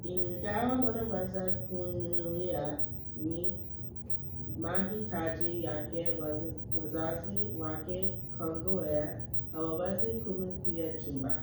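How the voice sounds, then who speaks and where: A young woman student reading a passage aloud in class, halting and stumbling over words. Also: fairly low pitch, fairly even intonation, noisy background. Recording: echoey classroom, distant from the mic.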